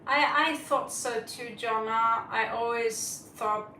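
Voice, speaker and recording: Slow-talking woman, bright, roomy sound. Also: fairly high pitch, steady tone, recorded from a distance, a little hiss or hum. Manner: chatty, greets viewers by name, rambling. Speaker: tarot reader hosting a live stream. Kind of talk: casual live-stream chat. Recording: roomy, set back from the mic.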